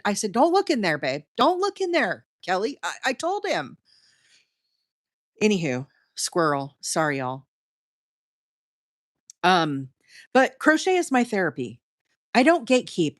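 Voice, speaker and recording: A woman's voice: mid-range voice, dry recording, clean studio sound. A middle-aged woman with a Southern US accent, hosting a crochet livestream in a chatty, rambling way and talking straight to her chat. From Alabama, US. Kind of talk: casual live-stream chat while crocheting.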